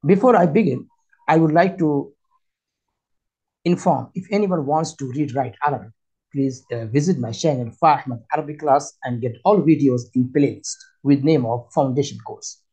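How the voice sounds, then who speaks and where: A man teaching a spoken language lesson, with slow, repetitive, halting phrasing. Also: mid-range voice, dark tone, breathy edge, dull audio. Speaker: Arabic teacher. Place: Qatar.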